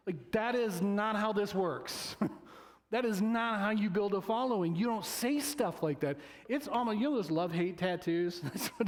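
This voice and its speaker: A male pastor preaching a sermon in a loose, conversational way, joking with the congregation and acting out quoted voices. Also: fairly high pitch. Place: church sanctuary.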